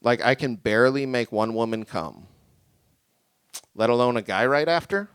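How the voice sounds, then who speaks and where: A young man doing a stand-up set in a small venue, rambling and deadpan, a bit tipsy. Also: medium pitch, moderate pace, clean tone, no echo. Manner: deadpan, rambling, self-deprecating. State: tipsy from drinking. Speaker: stand-up comic. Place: small creative community venue with live audience.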